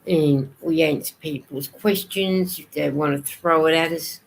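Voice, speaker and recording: A woman's voice: sits low, steady tone, measured pace, creaky, low-quality recording. An Australian woman chatting casually on a live stream, reading viewers' comments aloud and answering them as she goes.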